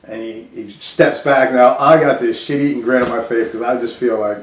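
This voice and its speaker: A man's voice: medium pitch, fairly even intonation, normal speed, a little hiss or hum. Man telling a story in a roomy space. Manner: laughs while telling, many restarts. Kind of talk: casual storytelling.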